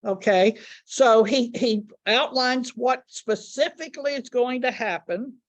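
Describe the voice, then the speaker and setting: A woman teaching a Bible study lesson, speaking deliberately and repeating key words for emphasis. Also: on the high side.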